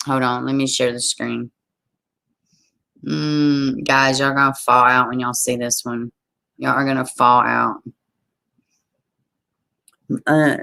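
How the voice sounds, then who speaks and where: Exasperated woman ranting to her live chat. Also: low voice. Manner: exasperated, animated, talks straight to viewers; reads news stories aloud with her own asides. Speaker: livestream host. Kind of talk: casual news commentary to a live chat. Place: home.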